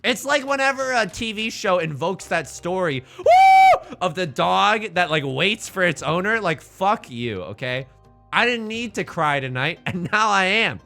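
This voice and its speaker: Lively, bright-voiced male streamer. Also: high-pitched, moderate pace, vocal fry, faint music behind. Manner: goofy, rambling, joking with chat between plays. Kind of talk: live-stream gameplay commentary.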